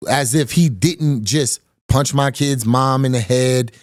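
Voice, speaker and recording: A man in his thirties casually telling a personal story on a podcast, animated, quoting others and repeating phrases as he goes. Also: mid-range voice, slow pace, dry recording, studio quality.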